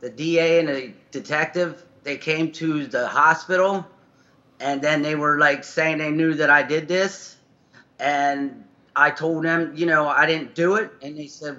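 A man's voice: on the high side, steady tone, a little slow, bright, forceful tone. Man on a dull video-call line. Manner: hesitant, rambling answers. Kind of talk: defensive interview answers. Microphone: conference call line.

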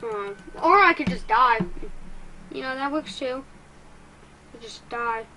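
A woman giving excitable let's-play commentary as a gaming YouTuber, quick to get frustrated and poking fun at herself. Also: sits high, slight background noise, poor audio.

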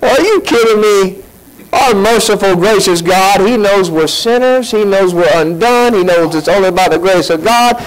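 A man preaching a sermon as pastor, animated, asking rhetorical questions and leaping in pitch. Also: normal speed, rough recording.

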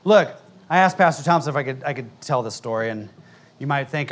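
A man's voice: mid-range voice, lively intonation, fairly quick. An American man, a pastor, preaching a sermon in church in a blunt, emphatic, conversational way, with frequent asides to the congregation. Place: church sanctuary before a congregation.

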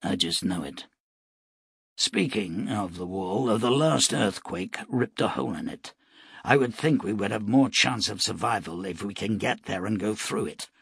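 A man's voice: fairly low pitch, measured pace, gravelly, slightly rough, no echo, clean studio sound, full character voice. A man doing a laconic frontier gunman. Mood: quiet. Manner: quiet, matter-of-fact, clipped. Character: laconic, hard-bitten male frontier gunman.

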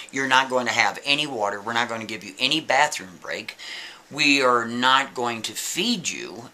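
A man doing a gruff, threatening jail captain. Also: mid-range voice, sharp tone. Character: stern, angry male jail captain.

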